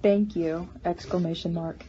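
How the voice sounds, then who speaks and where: A woman's voice: on the low side, steady tone, mellow, a little hiss or hum. Hesitant, stammering young woman vlogger. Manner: halting, many restarts and stammers. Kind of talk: casual personal vlog. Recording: slightly muffled home recording.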